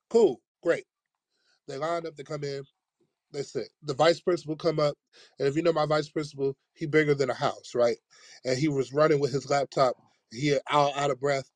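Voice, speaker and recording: A man's voice: medium pitch, no room sound. A man who teaches, telling a long school story in casual chat and acting out the voices of the people in it. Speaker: podcast host, teacher.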